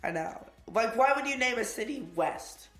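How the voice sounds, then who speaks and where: A hoarse young man co-hosting a casual podcast, laid-back and quick to laugh. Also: very high voice, animated, a bit bright, soft background music. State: hoarse, voice nearly gone. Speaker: podcast co-host. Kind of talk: casual chat. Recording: echoey room.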